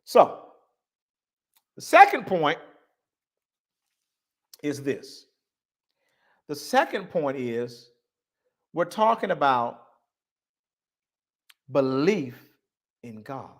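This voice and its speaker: A man hosting a live online talk, preaching in a repetitive cadence, leaning hard on key words and letting phrase ends trail off softly. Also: fairly high pitch. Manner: preaching cadence, stressing words, repeating lines. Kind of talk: live-stream monologue on religion.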